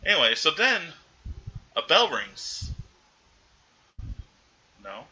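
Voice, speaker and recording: Bright-voiced man recapping a film. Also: a little high, very animated, takes it slowly, dull audio. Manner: rambling retelling full of quoted lines. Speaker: podcast host. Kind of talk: casual film recap chat.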